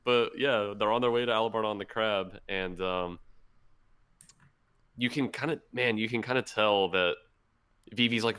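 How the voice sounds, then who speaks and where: A man co-hosting a podcast, excitedly retelling a manga story in casual chat with lots of fillers. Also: fairly low pitch, moderate pace, long pauses, clean tone. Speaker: podcast co-host.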